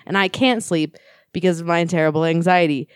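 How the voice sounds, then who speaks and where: A woman's voice: fairly low pitch, fairly quick, clean tone, no echo, clean studio sound. A woman chatting casually, wry and teasing, with crude asides. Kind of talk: casual chat.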